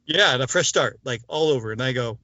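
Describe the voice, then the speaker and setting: Male interview guest, mid-pitched, storyteller who acts out quoted voices; dry, dull lo-fi recording. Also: fast talker, pushed and bright, no echo. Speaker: interview guest, former mobster turned informant.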